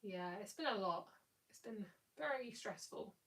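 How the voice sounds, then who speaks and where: A woman's voice: medium pitch, lively intonation, moderate pace, gravelly, fairly bright tone, recorded from a distance, poor audio. A tired woman giving a live tarot reading in a chatty, rambling, affectionate way. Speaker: tarot reader.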